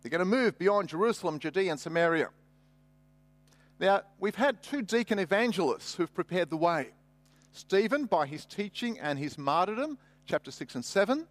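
A man's voice: high-pitched, animated, moderate pace, dry recording, faint music behind. A man preaching a sermon, conversational with humorous asides. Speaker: pastor.

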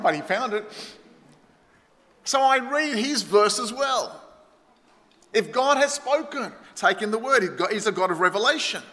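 High, bright Australian preacher. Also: male voice. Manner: emphatic preaching, swinging between loud stresses and hushed lines. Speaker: pastor. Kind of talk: sermon. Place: church. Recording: reverberant church hall.

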